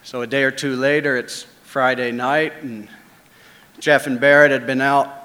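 Bright-voiced man telling a story. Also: mid-range voice, level tone, moderate pace, in a large hall. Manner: swings between hushed asides and loud dramatic beats. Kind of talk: live first-person storytelling.

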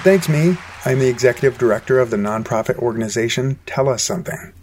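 A man hosts a storytelling program and reads the closing announcements in an upbeat, scripted way. His voice sits at a mid pitch. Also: fast, a little mellow, a faint crowd, slight background noise. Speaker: host.

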